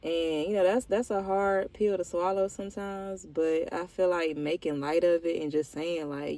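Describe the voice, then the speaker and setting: A young woman talking candidly to her viewers in a vlog, slow, reflective and heartfelt, with casual slang. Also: on the low side, fairly even intonation, dark tone, dry recording. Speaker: vlogger. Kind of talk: candid personal check-in.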